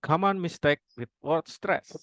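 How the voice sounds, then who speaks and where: A young man reading a prepared phonology presentation aloud, formal wording with halting restarts. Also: a little high, a bit bright, dry recording, poor audio. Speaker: student presenter.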